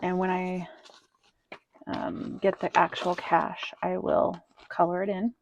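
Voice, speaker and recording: In a lowish, gravelly voice with a flat delivery, an adult woman with kids takes her time walking through her monthly cash-stuffing budget as a vlogger, rambling with many ums and quietly counting bills. The highs are cut off, and a little hiss or hum sits underneath.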